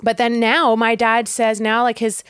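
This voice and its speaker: A young woman, a podcast guest, telling personal stories candidly in casual chat, full of "like" and quick laughs. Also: a little high, flat delivery, a bit bright, clear, resonant tone, no room sound, studio quality. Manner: candid storytelling with frequent laughs and filler "like".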